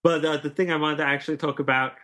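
A man hosts a casual podcast in an easygoing way. He pauses often and fills the gaps with hesitant sounds. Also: fairly high pitch. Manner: relaxed, easygoing, hesitant fillers. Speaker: podcast host.

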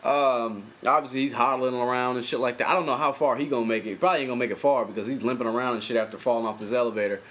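A man's voice: mid-range voice, fairly even intonation, racing, few pauses, a bit bright. A young man casually recapping a TV episode in loose, profane, rambling commentary full of slang. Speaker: TV episode reviewer.

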